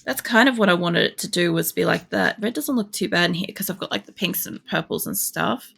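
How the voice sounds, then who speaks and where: A woman's voice: lowish voice, expressive, fairly quick, vocal fry, a bit bright, husky. An Australian woman streaming a game, chatting in a rambling, casual way and swearing freely. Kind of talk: casual chat while playing. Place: home computer setup.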